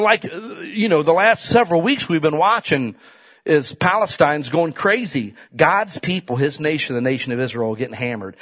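Here a preacher talks to his flock casually, his slightly high, breathy voice rising to forceful highs and dropping into hushed side remarks. "Right?" and "man" pepper his address to the congregation.

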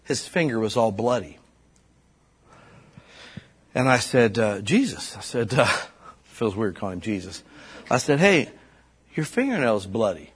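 Husky man preaching with rising fervor. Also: a little slow, pauses often. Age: adult parent. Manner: storytelling, climbing high and loud when stirred. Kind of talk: sermon.

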